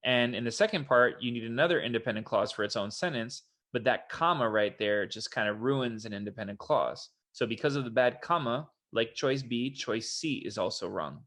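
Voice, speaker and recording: This SAT tutor speaks at a normal speed with few pauses, his mid-range voice a bit bright. Going over test answers in an online prep session, he stays casual and explanatory, slipping into a put-on voice whenever he quotes an example.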